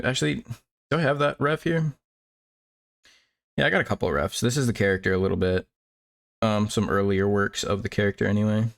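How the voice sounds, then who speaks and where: A man with a fairly low voice and vocal fry streams while drawing, chatting casually. He rambles and chuckles as he hunts for the right words.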